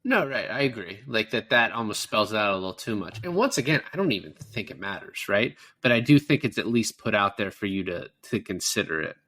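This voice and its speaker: A man's voice: on the low side, sing-song, a little fast, few pauses, sharp tone. A man co-hosting a film podcast, retelling scenes in a loose, profane, chatty way. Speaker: podcast co-host. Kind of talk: casual film-review chat.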